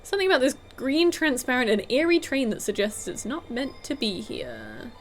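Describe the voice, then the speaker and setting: A young woman chatting to viewers while playing a game, casual and giggly. Her voice sits fairly high and swings widely. Faint music plays underneath. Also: lively intonation, normal speed. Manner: chatty, giggly, talks to chat. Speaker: streamer. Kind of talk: casual gaming stream chat.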